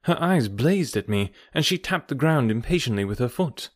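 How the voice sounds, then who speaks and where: A man narrating a classic novel as an audiobook, with measured, descriptive storytelling. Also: mid-range voice, animated, no echo, studio quality.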